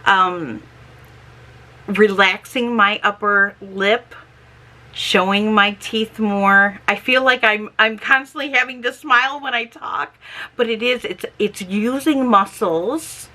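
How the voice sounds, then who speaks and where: A middle-aged woman chatting casually in a vlog, talking slowly and carefully, with slightly slurred, lisping S sounds from her dentures. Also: mid-range voice, sharp tone. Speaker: homestead vlogger.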